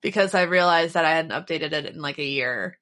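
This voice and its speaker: A woman co-hosting a podcast in casual chat, wry and deadpan as she teases. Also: deep voice, a little fast. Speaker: podcast co-host.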